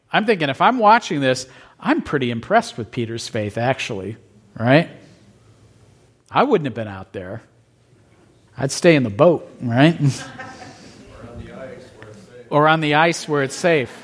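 Slow-speaking male pastor, conversational sermon. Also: a little high, very animated. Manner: conversational, asks the audience questions with a light laugh. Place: church.

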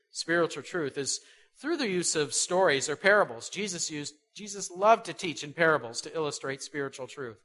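A man preaching a sermon who asks rhetorical questions and swings between loud stresses and soft asides. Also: on the high side.

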